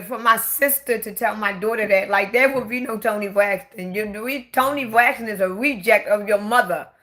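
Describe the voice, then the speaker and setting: A middle-aged woman telling her own life story in a casual late-night talk, emotional and halting, often restarting and repeating her words. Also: a little high, bright, forceful tone.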